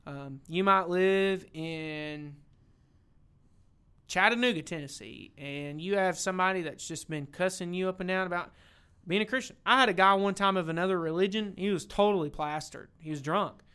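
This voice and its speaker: A young man with a high, bright and smooth voice talks through a Bible passage with friends. He is animated, slips into quoted voices and throws in a casual "dude". He carries the show as its co-host. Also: normal speed. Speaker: church podcast co-host.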